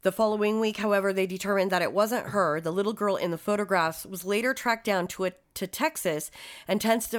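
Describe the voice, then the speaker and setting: A woman's voice: medium pitch, fairly quick. Casual true-crime podcaster woman, swearing. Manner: reads case details then swears and riffs. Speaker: podcast co-host.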